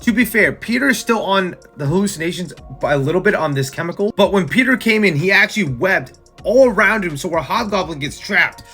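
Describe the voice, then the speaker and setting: Excitable young man recapping comics. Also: sits high, brisk, hardly any pauses, breathy edge, soft background music. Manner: excited, slangy, acts out scenes. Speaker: comic book reviewer.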